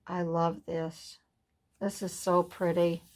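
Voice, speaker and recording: A woman from the USA hosting a casual craft flip-through, softly gushing over each page. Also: on the low side, level tone, slow. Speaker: craft vlogger.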